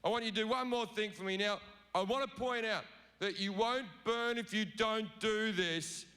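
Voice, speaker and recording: A man's voice: high voice, moderate pace, pushed and bright. An Australian man playing a petty, bigoted male God who swears constantly, whining and then exploding. He performs it live in front of a comedy crowd. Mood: wheedling. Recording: live venue with audible noise.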